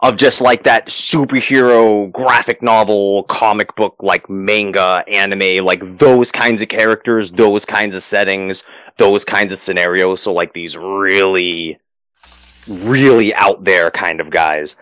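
A man's voice: on the low side, fairly even intonation, measured pace, fairly bright tone, no room sound, rough recording. A man running a tabletop game as game master, narrating the finale and then chatting loosely with many fillers and restarts.

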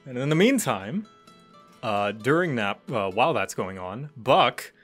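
A man narrating casually as game master of a tabletop game, relaxed and full of fillers. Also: mid-range voice, a little slow, soft background music.

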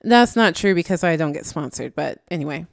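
A woman's voice: low-pitched, expressive, a little fast, vocal fry, no room sound, clean studio sound. A woman giving casual, exasperated reaction commentary, slangy and tired late at night. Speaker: YouTube commentator.

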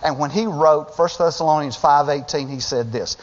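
A man's voice: on the high side, normal speed. A male pastor preaching a sermon with passion, stumbling over restarts and acting out the voices of people in the story. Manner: impassioned, acts out quoted voices, stammering restarts. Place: church sanctuary. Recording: dull sound in a long-reverb sanctuary.

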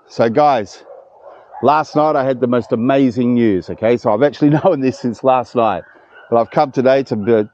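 A man's voice: medium pitch, moderate pace, highs cut off. A man in his fifties vlogging casually outdoors at a dog kennel, chatty and emotional. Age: 50s. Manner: emotional, chatty, warm-hearted. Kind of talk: casual vlog talk to camera.

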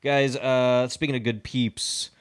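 A male podcast host in loose, casual banter who gets worked up easily, laughing and cursing as he goes. His voice sits at an ordinary middle pitch for a man, and he swings between loud outbursts and mumbled asides. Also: slow, smooth. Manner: excitable, laughing, swearing freely.

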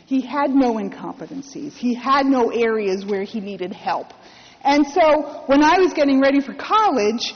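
A woman's voice: high-pitched, long reverb tail, muffled recording. A woman priest giving a sermon, telling a personal story with wry humor and acted-out quotes.

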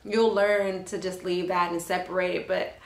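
Young woman rambling in her car, bit of fry in the voice, echoey sound, lots of um and like. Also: on the low side, little pitch movement, moderate pace. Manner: emotional, chatty, many fillers and restarts. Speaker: nursing student vlogger. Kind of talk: casual storytelling vlog.

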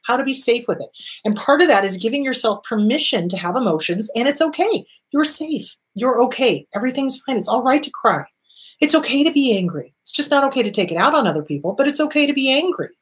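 A woman therapist hosting a talk show, answering viewer questions in an earnest, reassuring way and repeating her key points. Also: a little high.

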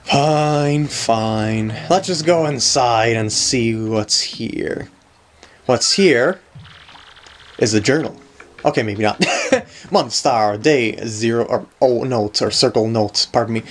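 A man's voice: mid-range voice, slow pace, a little hiss or hum. A man hosting a video game walkthrough, chatting casually and jokily while he plays, laughing often. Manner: playful, jokey, laughs often. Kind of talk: casual gameplay commentary.

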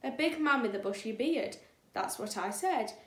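A woman's voice: a little high, animated, moderate pace, a bit bright. A woman doing a grinning cheerful shopkeeper. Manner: grinning, chatty. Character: cheerful male shopkeeper, eager and helpful. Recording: echoey room.

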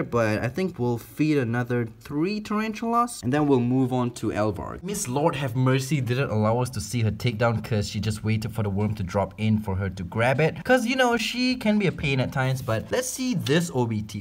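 A man hosting a casual feeding vlog, excitable, laughing often and coaxing his animals. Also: medium pitch. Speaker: exotic pet keeper and channel host.

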